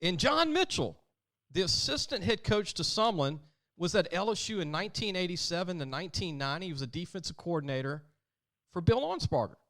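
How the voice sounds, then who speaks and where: A man hosts a sports podcast, telling stories in a chatty, casual way and acting out the people he quotes. His voice sits high and sing-song, fairly quick and fairly bright.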